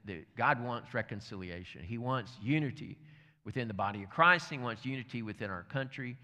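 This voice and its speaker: A male pastor telling a story during a sermon, animated, with lively asides. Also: mid-range voice. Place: church sanctuary. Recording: church hall reverb.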